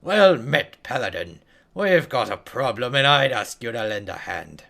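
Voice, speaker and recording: A man's voice: mid-range voice, very animated, unhurried, creaky, pushed and bright, exaggerated voice. A man voicing a hearty male dwarf townsfolk quest giver with a put-on dwarf accent.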